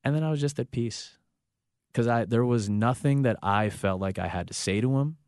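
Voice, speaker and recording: A man speaking earnestly as an interview guest, halting and restarting as he reflects. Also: medium pitch, a little mellow, dry recording, studio quality.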